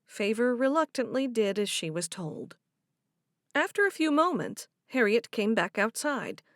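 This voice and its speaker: Brief: female audiobook narrator, animated but measured, dry close mic. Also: on the high side, dry recording. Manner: even, measured storytelling. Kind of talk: scripted narration.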